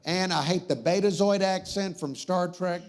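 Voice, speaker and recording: A man's voice: high-pitched, normal speed. A man hosting a comedic talk show, rambling and wisecracking as he gets sidetracked.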